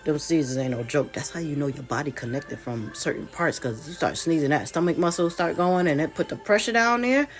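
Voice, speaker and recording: A woman's voice: low voice, fairly quick, few pauses, soft background music. A woman vlogger with a congested voice, telling a casual story straight to her viewers with chatty, folksy asides.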